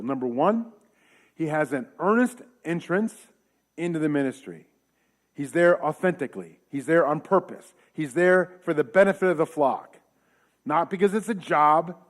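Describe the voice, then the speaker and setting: A man preaching a casual sermon in a church, talking conversationally with joking asides and rhetorical questions. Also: sits high. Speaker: pastor.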